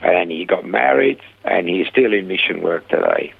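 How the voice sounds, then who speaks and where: A man guest telling lively stories about his ministry, acting out the people he quotes, heard over a phone line. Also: sits low, normal speed, vocal fry, breathy edge. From Australia. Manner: animated storyteller, acts out quoted voices. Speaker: guest, rehab ministry founder. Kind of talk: conversational storytelling interview. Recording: dry phone-line sound.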